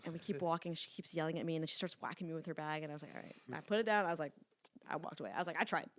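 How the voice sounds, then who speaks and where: A woman of about twenty, a podcast guest telling stories in casual chat, animated and full of "like" and the odd swear word. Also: low voice, rapid-fire. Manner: chatty, animated storytelling with frequent "like" and swearing. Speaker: podcast guest, lifting influencer.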